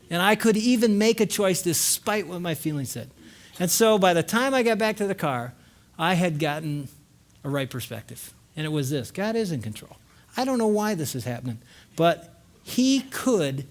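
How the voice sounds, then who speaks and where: A male conference speaker telling a story in a sermon, animated, acting out scenes and shouting at the peaks. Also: high voice.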